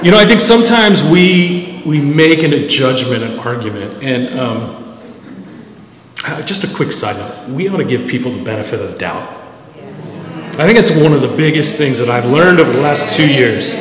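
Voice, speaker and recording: A middle-aged male pastor giving a conversational, self-deprecating sermon full of animated stories, recorded in a church. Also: medium pitch, normal speed. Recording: echoey hall.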